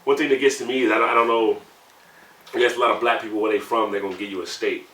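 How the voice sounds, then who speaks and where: A man's voice: on the low side, steady tone, quick pace, pushed and bright. A man in his thirties telling candid personal stories in a conversational way, often saying "you know". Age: 30s. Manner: conversational, heated when recounting, many "you know" fillers. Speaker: navy sailor interviewee. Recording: roomy sound, mic at a distance, faint background hum.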